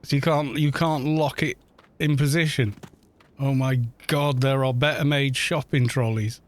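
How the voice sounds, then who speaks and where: A man's voice: medium pitch, fairly even intonation, measured pace. Incredulous, ranting male game streamer. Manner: incredulous, mocking rant; rambling, with restarts and fillers. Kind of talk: casual livestream chat while gaming.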